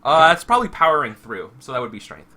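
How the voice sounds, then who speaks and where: A man's voice: on the high side, very animated, quick pace, sharp tone, a little hiss or hum. A man running a tabletop game as game master, narrating with lots of fillers and restarts. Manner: hesitant, full of fillers and restarts.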